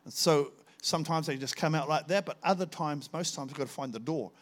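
A man's voice: a little high, brisk. A man preaching a testimony sermon, telling his story fervently and rising to emphatic peaks.

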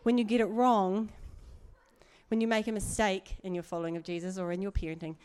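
A woman's voice: mid-range voice, level tone, a little fast, a little mellow, clean tone. A middle-aged woman preaching in a chatty, earnest way, with asides and laughs. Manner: conversational, earnest, laughs often, many asides. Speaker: church speaker. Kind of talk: sermon.

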